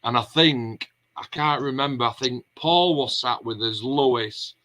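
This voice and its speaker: Bright-voiced man telling rambling anecdotes. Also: medium pitch, a little slow, rough recording. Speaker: vlog host. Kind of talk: casual chat.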